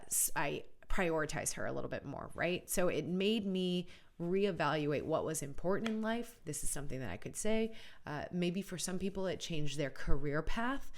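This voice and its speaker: A middle-aged woman hosting an educational video, talking earnestly and conversationally and often checking in with "right?". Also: sits low. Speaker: college funding educator and channel host. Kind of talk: casual educational video talk.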